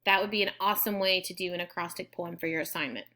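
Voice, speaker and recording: A woman teacher giving a recorded lesson to students, explaining clearly and patiently step by step. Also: on the low side, fairly even intonation, fast, sharp tone.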